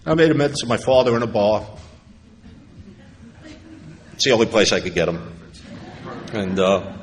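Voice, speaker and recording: Low-voiced man telling his recovery story. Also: lively intonation, normal speed. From New York. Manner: storytelling, acting out others' lines, wry humor. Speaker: AA convention speaker. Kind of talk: personal recovery talk to an audience. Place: large convention hall. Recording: echoey hall with faint ambience.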